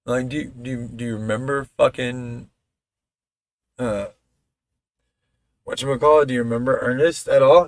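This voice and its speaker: A man's voice: medium pitch, steady tone, moderate pace, long pauses, no echo. A man chatting casually on a live stream, rambling and swearing freely, with a toddler at home. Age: adult father of a toddler. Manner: rambling, profane, loose.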